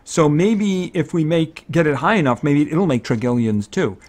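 A man giving casual gameplay commentary, thinking aloud, excitable and fretting over each purchase. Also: fairly high pitch, unhurried. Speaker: let's-play commentator.

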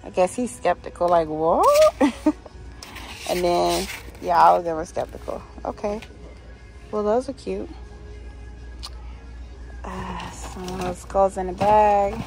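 A woman with a fairly low voice vlogs casually while walking through a store, chatting, gushing over holiday decor, and reading signs aloud. It's a shop-along vlog with a rough recording.

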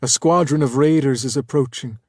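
Giant woman bodyguard, blunt and booming, voiced by a man, dry close recording. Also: normal speed, darkish tone, husky, no room sound. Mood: urgent. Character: giant young female bodyguard, blunt, jealous.

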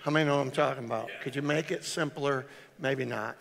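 Gravelly-voiced man preaching in a hall. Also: mid-range voice, a little fast. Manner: storytelling, swings loud on exclamations. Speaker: pastor. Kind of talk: sermon. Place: large church hall. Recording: reverberant church hall.

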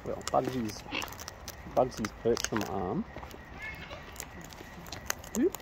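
A woman's voice: a bass voice, sing-song, slow pace, long pauses. A woman outdoors feeding wild cockatoos, chatting to them in a playful, teasing baby-talk way. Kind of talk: casual chat to birds. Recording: noisy outdoor recording. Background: bird calls and outdoor ambience.

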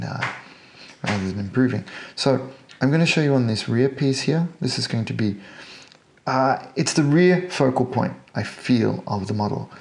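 Narrating a model painting tutorial, this Australian man has a creaky, medium-pitched voice. He keeps things chatty and casual, poking fun at himself along the way.

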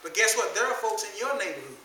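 A man's voice: sits high, fast talker, slight background noise. A man preaching a sermon as pastor, mixing casual colloquial talk with scripture reading and calling out to his congregation. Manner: animated preaching with call-outs to the congregation; casual colloquial speech mixed with King James scripture reading. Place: church sanctuary. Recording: echoey church room, distant mic, faint ambience.

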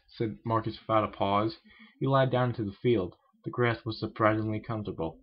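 A man's voice: fairly low pitch, fairly even intonation, brisk, muffled recording. A man casually reading a crude fan story aloud, often stumbling over words. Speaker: reader of fan fiction.

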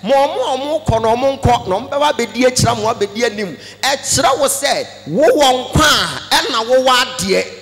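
A Ghanaian man preaching a sermon, animated, mixing Twi with English phrases and breaking into shouts. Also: very high-pitched, moderate pace, few pauses, long reverb tail, soft background music. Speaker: pastor.

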